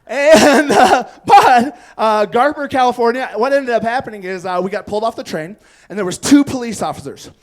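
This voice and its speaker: A man's voice: very high voice, expressive, normal speed. A man doing stand-up comedy, telling a rambling story on a club stage and laughing at his own lines.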